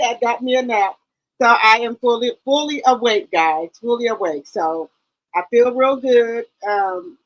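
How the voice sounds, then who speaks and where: A woman's voice: fairly high pitch, no echo, poor audio. A woman hosting a casual live stream, greeting viewers one by one and rambling loosely with many ums.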